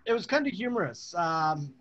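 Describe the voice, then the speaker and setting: A man's voice: high-pitched, normal speed, muffled recording. A man on a video call casually telling an amused story about a work mix-up. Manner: chatty, amused, animated when he quotes people.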